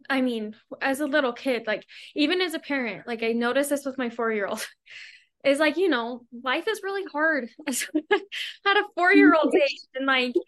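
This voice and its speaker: A woman's voice: high voice, a bit bright. A woman hosting a casual podcast conversation, a mother who talks chattily with lots of fillers and frequent laughs. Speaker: podcast host; mother of a young child.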